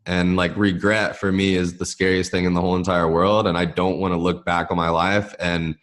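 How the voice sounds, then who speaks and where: A male host with a very deep voice. He talks loosely and casually, restarting his sentences as he works through a thought. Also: a little fast. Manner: relaxed, rambling, many fillers and restarts. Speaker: podcast host, nutrition coach. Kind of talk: casual interview chat.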